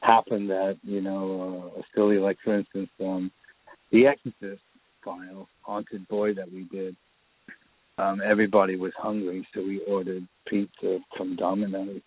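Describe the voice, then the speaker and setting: A man's voice: low-pitched, flat delivery, normal speed, no echo. A man, a filmmaker guest, telling rambling anecdotes in a casual interview. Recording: tinny phone line.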